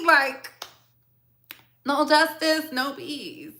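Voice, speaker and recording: A woman with a Southern US accent hosting a casual commentary show, talking to her audience in an animated, opinionated, slangy way. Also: high voice, unhurried. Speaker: show host.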